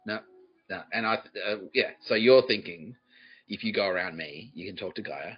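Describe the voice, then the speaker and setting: A man's voice: low voice, normal speed, slightly rough, dull audio, faint music behind. A man hosting a comedy podcast, swearing often and laughing as he jokes with the live audience. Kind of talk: improvised comedy monologue, relaying a psychic's words.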